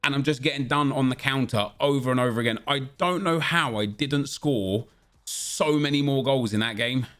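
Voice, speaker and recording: A man's voice: mid-range voice, normal speed, a bit bright, soft background music. A man hosting a gaming video, commentating live on his own play in an exasperated way, repeating himself and swearing.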